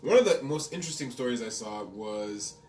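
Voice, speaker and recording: A man's voice: medium pitch, lively intonation, a little fast, darkish tone, a little hiss or hum. Male podcast host, easygoing topic-steerer, roomy distant mic. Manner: laughs easily, steers topics. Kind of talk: casual podcast chat. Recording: roomy room, distant mic, faint ambience.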